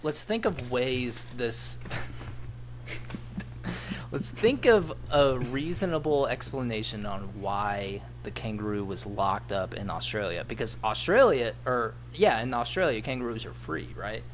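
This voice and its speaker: A man's voice: mid-range voice, lively intonation, measured pace, slight background noise. Man rambling in casual podcast banter. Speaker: podcast co-host. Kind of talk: casual chat.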